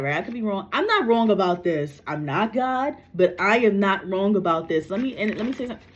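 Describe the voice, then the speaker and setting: A woman's voice: medium pitch, lively intonation, brisk, slight background noise. A woman, a psychic medium, talking casually to camera in a blunt, repetitive way and cursing freely. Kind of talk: casual spoken reading to camera. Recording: dull lo-fi recording.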